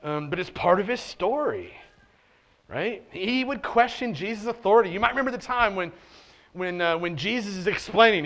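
A man preaching a sermon with a slightly raised pitch. He talks loosely and conversationally, using many fillers and restarting sentences, and he drops in playful asides. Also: lively intonation, moderate pace, fairly bright tone. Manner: casual and conversational, with frequent "like" and restarts; playful asides and short laughs while preaching. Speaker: pastor. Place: church.

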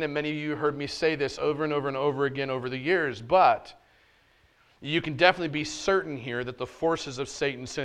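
A man preaches a sermon at a church service, alternating booming, stressed lines with hushed, low-voiced asides. He is a pastor, and he mixes casual, joking street slang into his preaching.

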